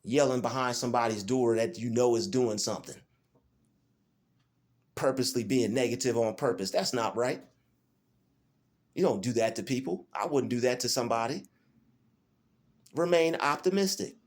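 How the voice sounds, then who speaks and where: A man's voice: medium pitch, normal speed, long pauses. A man, filming a defiant, preachy rant in a small room, repeating his phrases over and over. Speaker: vlogger. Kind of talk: emotional self-filmed rant. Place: small rented room indoors.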